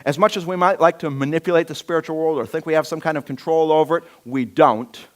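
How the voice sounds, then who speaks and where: A man's voice: on the high side, fast. A male pastor preaching a sermon, telling a Bible story with humor and acting out the scenes.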